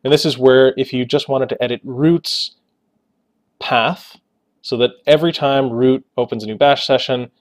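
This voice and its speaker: A man hosting a Linux tutorial, narrating a screencast in a casual, explanatory way with joking asides. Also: mid-range voice.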